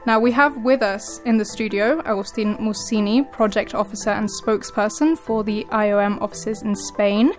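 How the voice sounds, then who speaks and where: A woman presenter reading scripted news and introducing a studio guest, clear and measured. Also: mid-range voice, steady tone, soft background music. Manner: clear, measured broadcast delivery.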